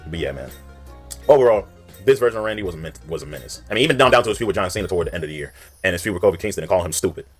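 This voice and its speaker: A young man tears through his countdown at a very fast clip, his voice sitting low. He retells storylines in an animated, slang-heavy way while faint music plays underneath. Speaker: video creator. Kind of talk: casual countdown commentary.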